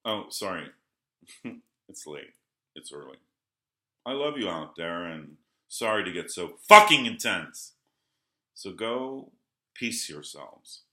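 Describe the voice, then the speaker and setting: A man vlogging a rambling early-morning monologue. He swings between low mutters and heated outbursts, swears, and keeps apologizing. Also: sing-song, slow pace, pauses often, bright, forceful tone. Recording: roomy echo.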